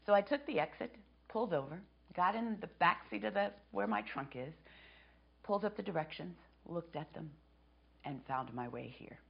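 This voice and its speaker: A woman in her fifties giving a sermon as a guest preacher in a church, speaking softly and reflectively and dropping to a whisper on key phrases. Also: on the low side, expressive, moderate pace, creaky, breathy edge. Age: 50s. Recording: dull lo-fi sermon recording.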